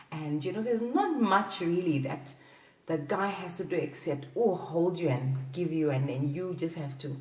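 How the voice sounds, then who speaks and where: A woman hosting a playful sex-advice talk, often giggling and letting out drawn-out "ooh"s. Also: on the low side, a little mellow, distant mic. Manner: giggly, playful, breathy exclamations. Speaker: host. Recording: echoey room, off-mic.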